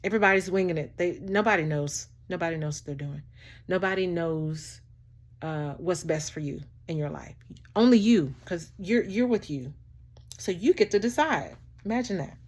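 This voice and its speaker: Laughing often and calling her listener "child" and "baby," a woman vlogger speaks to camera in an animated, preachy, heartfelt motivational talk. Her voice is on the low side and her pace moderate.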